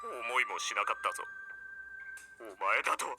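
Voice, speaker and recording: A man's voice: mid-range voice, wildly swooping pitch, quick pace, over music. An actor playing a whiny, childish male lord in an anime-style game, sulking and melodramatic. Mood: dramatic. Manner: whining, melodramatic.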